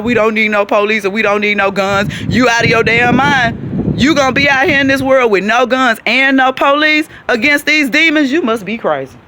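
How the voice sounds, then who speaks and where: Walking outdoors in the city, a woman delivers a forceful, preachy rant to the camera, calling her audience child and baby. Her voice is on the high side, bright and forceful, with a little hiss or hum in the recording.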